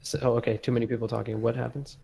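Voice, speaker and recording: A male game master narrates a tabletop session in a gravelly voice of ordinary pitch. He rambles and fills the gaps with filler words as he goes. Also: fairly even intonation, very fast, dark tone, rough recording.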